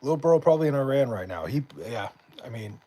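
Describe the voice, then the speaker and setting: A man's voice: mid-range voice, expressive, quick pace, mellow. A man chatting casually on a live stream, reading and answering chat messages in a rambling, swearing way, his voice mostly gone so he half-whispers.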